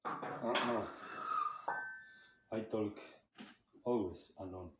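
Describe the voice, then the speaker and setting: A man vlogging to camera during his workout in a gym, speaking halting non-native English full of restarts. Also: fairly low pitch, echoey room, heavy background noise. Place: gym, indoors.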